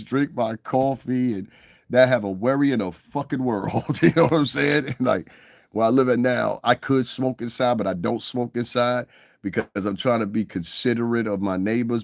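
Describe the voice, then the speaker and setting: A man's voice: medium pitch, a little mellow, no room sound, studio quality. Blunt, profane man ranting casually. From United States. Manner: blunt, profane, repeats "you understand what I'm saying", chuckles often. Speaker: commentary vlogger. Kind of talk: casual monologue rant.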